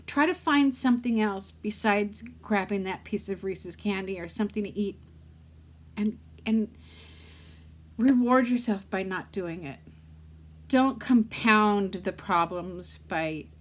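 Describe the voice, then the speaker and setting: A middle-aged woman talking candidly to her vlog audience, rambling and talking herself through a hard day while near tears. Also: medium pitch. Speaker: vlogger. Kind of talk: casual vlog talk.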